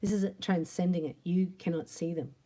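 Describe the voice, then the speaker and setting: A woman giving a tarot reading in a chatty, animated monologue, acting out imagined quotes and sometimes dropping to a soft whisper. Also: on the low side, normal speed. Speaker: tarot reader.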